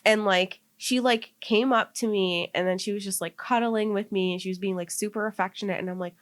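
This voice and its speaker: A young woman co-hosting a podcast speaks briskly at medium pitch with fairly even intonation. She rambles through a personal story, saying "like" constantly, laughing and tearing up along the way.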